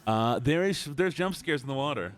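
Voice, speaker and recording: A man's voice: mid-range voice, lively intonation, normal speed. A man streaming a game live, chatting to his viewers with playful outbursts. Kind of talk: live gameplay commentary.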